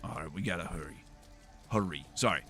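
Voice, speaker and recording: A man's voice: deep voice, brisk, over music. A man streaming a game, chatting casually and rambling through jokes and silly voices. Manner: joking, rambling, laughs at own jokes. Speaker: gaming streamer. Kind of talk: casual gameplay commentary.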